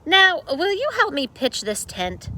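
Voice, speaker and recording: A cheerful, literal-minded housekeeper from a storybook, put on by a woman reading aloud. She sounds naive and sunny, with a high, bright voice that leaps all over the place. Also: very animated, unhurried, full character voice.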